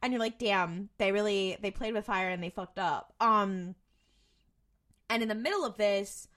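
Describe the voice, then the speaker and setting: A woman's voice: medium pitch, moderate pace. A woman co-hosting a podcast, recapping episodes in casual chat and acting out the characters' lines with many laughs. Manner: animated, acts out characters, laughs often. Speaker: podcast co-host.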